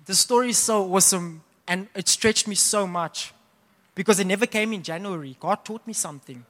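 A young man preaching a sermon, telling a personal story in a casual, animated way with laughs. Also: high-pitched, moderate pace. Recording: long hall reverb.

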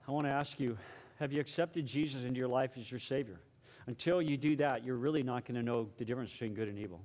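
A male pastor preaching a sermon, telling a story dramatically and then going hushed for prayer. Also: medium pitch, fast talker.

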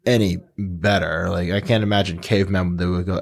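A man with a fairly low voice chats on a podcast, dropping wry, jokey asides. His tone stays relaxed and conversational. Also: brisk, creaky, hardly any pauses. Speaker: podcast co-host. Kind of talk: casual chat.

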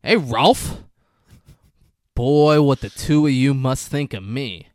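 A man voicing a bitter, proud estranged father, loud and wry, while retelling a movie scene. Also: medium pitch, slow, dry recording, clean studio sound, voice pushed up, natural voice.

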